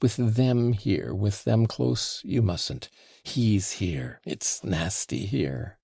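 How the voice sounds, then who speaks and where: A man's voice: fairly low pitch, extremely slow, creaky, warm tone, breathy edge, no room sound, clean studio sound, heavily acted. A man reading an audiobook and voicing an impulsive young woman who pleads and commands by turns, breathless and imploring. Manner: breathless, imploring, swinging between giddy and faint.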